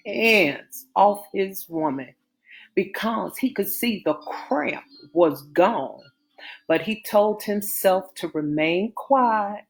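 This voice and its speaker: Slow, low-voiced woman narrating a novel. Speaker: audiobook narrator.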